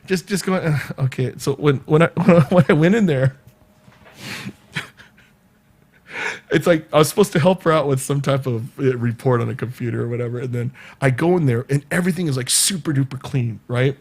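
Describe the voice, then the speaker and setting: A Californian man vlogs casually, telling a story at normal speed in a medium-pitched voice. He's animated, laughs often, and acts out the dialogue people said.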